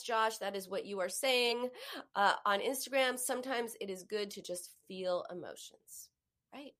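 A middle-aged woman coaching on emotions in a live teaching talk, acting out sighs and inner voices as she explains. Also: fairly high pitch.

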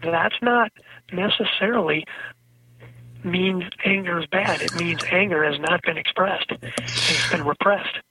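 A man's voice: sits high, a little slow, pushed and bright, distant mic. A man speaking as a therapist guest on a radio show, explaining his work with kids through stories. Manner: explanatory, storytelling with acted-out quotes. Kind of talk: phone-in radio interview. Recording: tinny, husky phone line.

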